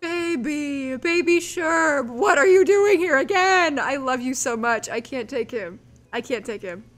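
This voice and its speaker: A woman streaming a game, chatting casually with viewers, reading chat aloud and squealing with excited giggles. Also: high-pitched, unhurried, faint music behind. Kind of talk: casual live-stream chat while gaming.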